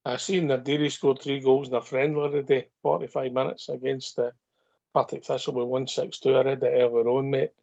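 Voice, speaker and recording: A Scottish co-host with a gravelly, mid-pitched voice. He hammers his points home firmly and repeats them, over dull, lo-fi audio. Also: level tone, a little fast, a little mellow. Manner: firm, emphatic, repeats points. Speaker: co-host of a fan phone-in. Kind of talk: casual football chat.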